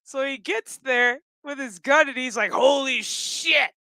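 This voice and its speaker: A man rambles through a casual, swear-filled TV episode recap, cracking jokes as he goes. His voice is bright and crisp. The recording is dry and close. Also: extremely high pitch, moderate pace, dry recording, poor audio. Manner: profane, rambling and joking. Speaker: gaming channel host.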